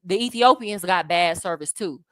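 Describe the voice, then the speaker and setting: Answering viewer comments on her casual travel livestream, this woman from the United States, now living in Colombia, chats animatedly, laughs a lot and talks in slang. Her voice is fairly low in pitch yet a bit bright, at normal speed, in studio-quality audio with no room sound.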